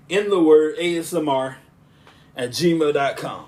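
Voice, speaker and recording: A man hosting a podcast and speaking as a preacher, with a smooth, monotone, relaxing voice; he talks in a rambling way, often restarting his sentences. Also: a little high, measured pace. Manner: rambling, with frequent restarts and asides. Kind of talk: casual podcast talk.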